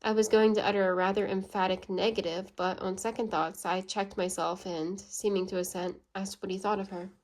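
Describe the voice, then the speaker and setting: A woman reading a classic novel aloud in a measured, even storytelling manner. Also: medium pitch. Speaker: audiobook reader.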